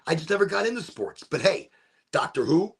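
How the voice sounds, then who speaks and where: Middle-aged guy from chicago, gravelly raspy voice, rambling story on stream, jumps between loud and quiet. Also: sits high, fairly quick. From Chicago, USA. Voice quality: gravelly and husky. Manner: animated, rambling, swears, acts out voices with sudden shouts. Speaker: streamer hosting a smoke session. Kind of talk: casual storytelling to a live stream.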